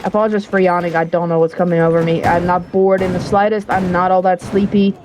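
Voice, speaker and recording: A woman's voice: on the low side, little pitch movement, fast, noisy background. Chatty woman casting live esports. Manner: chatty, casual play-by-play with frequent fillers. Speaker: esports caster. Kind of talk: live esports play-by-play commentary.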